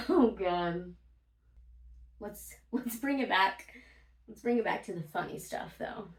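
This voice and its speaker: A woman's voice: mid-range voice, animated, moderate pace, gravelly. A woman vlogger telling casual stories, blunt and profane, laughing often as she talks. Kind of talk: casual storytime monologue. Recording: roomy, from a distance.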